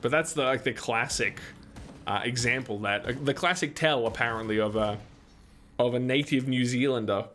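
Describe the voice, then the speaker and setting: A man's voice: medium pitch, normal speed, a bit bright, slight background noise. An Australian man hosting a live gaming stream, chatting casually and answering viewers' comments between moments of play. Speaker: livestream host.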